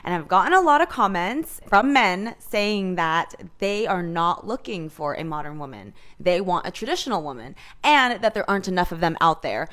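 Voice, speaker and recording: Woman, vlog commentary from notes, smooth voice, lowish. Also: moderate pace, few pauses. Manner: reading notes, even and explanatory.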